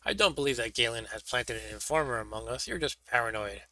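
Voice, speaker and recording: A man voicing a gruff, bossy male badger leader who talks low and slow. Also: expressive, pushed and bright, dry recording, poor audio.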